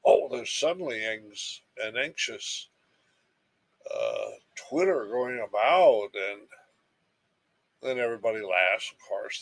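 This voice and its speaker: A man's voice: medium pitch, fairly bright tone. A man giving a recorded lecture, telling everyday stories in an emphatic, storytelling way.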